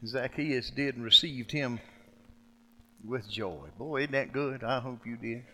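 Older male preacher, folksy sermon, swings loud to soft, long hall echo. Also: mid-range voice, unhurried.

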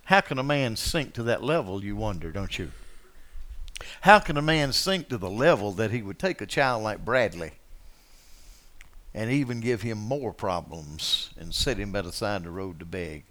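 A man preaching a sermon in a folksy, conversational way, asking his listeners questions and swinging from quiet asides to loud, passionate moments. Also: on the low side, animated, moderate pace. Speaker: pastor.

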